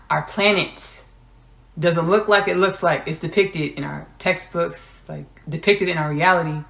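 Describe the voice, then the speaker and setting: A woman's voice: lowish voice, creaky, fairly bright tone, roomy sound. A woman hosting a podcast, giving a spiritual channeling monologue, repeating her phrases and drifting into whispers. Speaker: podcast host.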